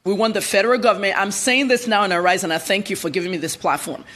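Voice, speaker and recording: A woman's voice: mid-range voice, quick pace, fairly bright tone. A woman journalist, a guest in a TV news interview, telling her story bluntly and with animation.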